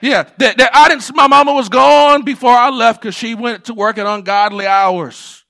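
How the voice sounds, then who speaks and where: Pastor, man, high bright gravelly voice; conversational sermon delivery with hushed asides and shouted peaks. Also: moderate pace. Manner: conversational preaching, swings between hushed asides and shouted points.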